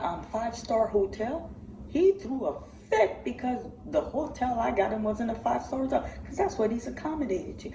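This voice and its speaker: Emotional woman, gravelly and echoey. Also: on the high side, recorded from a distance. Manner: impassioned, pleading, halting with repeats. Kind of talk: emotional livestream commentary. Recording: echoey room, from the mic, faint noise.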